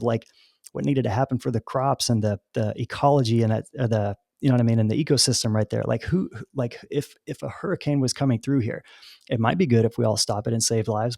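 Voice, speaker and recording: A man's voice: mid-range voice, creaky, darkish tone, no echo, studio quality. A man as a podcast guest, earnestly explaining spiritual ideas at length with storytelling asides. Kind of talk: conversational spiritual discussion.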